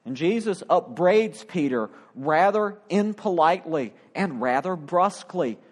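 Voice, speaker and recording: A man's voice: on the high side, lively intonation, measured pace. A middle-aged male pastor preaching a sermon, acting out the quoted voices with drama.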